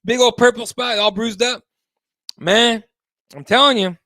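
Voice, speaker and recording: A man's voice: extremely high pitch, measured pace, bright, forceful tone, dry recording, clean studio sound. A man hosting a live MMA talk show, chatting casually and animatedly, swearing freely and reading viewer comments aloud. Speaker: host.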